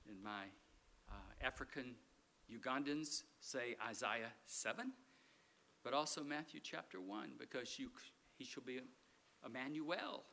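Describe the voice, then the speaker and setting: A middle-aged male guest pastor preaching a sermon in a conversational way, swinging from emphatic lines to soft, near-whispered ones, with self-deprecating asides. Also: mid-range voice, expressive, measured pace, creaky.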